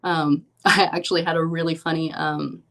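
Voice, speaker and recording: A woman's voice: deep voice, flat delivery, normal speed, a bit bright. A young woman, a professional poker player, chatting as an interview guest and telling stories with lots of "like" and "um". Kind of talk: casual interview chat.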